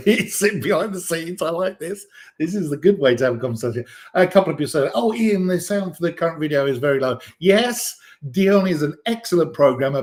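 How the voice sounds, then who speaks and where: British male host, slightly high voice, chatty and rambling, casual livestream. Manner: chatty, rambling, lots of ums and uhs. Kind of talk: casual live-stream chat.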